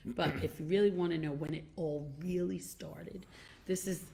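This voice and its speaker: A woman's voice: fairly low pitch, fairly even intonation, normal speed, vocal fry, warm tone, a little hiss or hum. A woman singer guesting on a comedy podcast, chatting in a bubbly, gushing way and giggling often. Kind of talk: casual chat. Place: basement studio.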